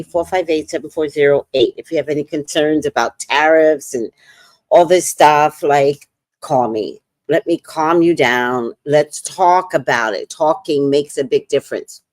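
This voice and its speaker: A deep, low-pitched woman hosting a casual livestream, unhurried, her tone swinging widely as she acts out stories. The sound is dry and close. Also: no echo. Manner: animated storytelling, acts out dialogue. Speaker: livestream host and psychic reader.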